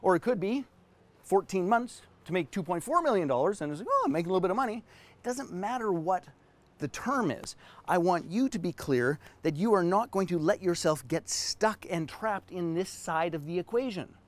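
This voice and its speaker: High-pitched and expressive, this business coach talks at a normal speed while teaching business owners on a live stream. He walks them through a whiteboard drawing, driving his points home emphatically through stories.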